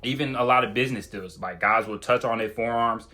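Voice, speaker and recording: A man's voice: medium pitch, brisk, pushed and bright, soft background music. A man giving casual, blunt self-improvement advice straight to the camera, in a slangy, conversational way. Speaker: self-improvement video creator.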